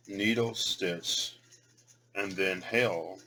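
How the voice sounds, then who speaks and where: In poor audio, a deep-voiced man with a fairly bright tone speaks slowly in a casual tarot and rune reading vlog. Thinking aloud as he pulls and reads cards, he mutters and repeats words while trying out pronunciations.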